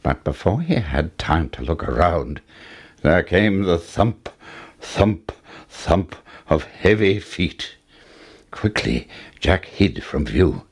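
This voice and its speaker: A man narrating a children's fairy tale in an expressive, deliberate storytelling manner. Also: low-pitched, husky.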